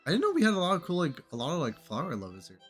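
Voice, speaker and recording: A man streaming a video game, chatting casually and reacting out loud to the story. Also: on the high side, huge pitch swings, very fast, faint music behind. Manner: chatty, reactive, lots of "like" fillers. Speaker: gaming streamer. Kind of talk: casual playthrough reaction commentary.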